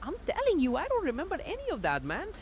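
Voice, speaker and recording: A defiant, evasive young male suspect, voiced by a synthetic woman's voice. The voice sits high and leaps wildly up and down as it protests. It sounds distant in the game, over a clear hiss of noise. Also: wildly swooping pitch, quick pace. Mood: protesting. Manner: protesting, insistent, dismissive.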